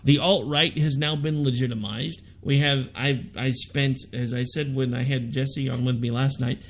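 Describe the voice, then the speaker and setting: A man's voice: mid-range voice, steady tone, moderate pace. A man hosting a political talk radio show, delivering a sarcastic, ranting monologue.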